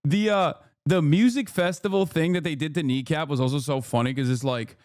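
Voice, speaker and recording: Sarcastic fast-talking male streamer. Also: fairly high pitch, darkish tone, dry recording. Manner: sarcastic, profane, rapid bursts. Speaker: streamer reacting to news clips. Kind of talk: casual commentary.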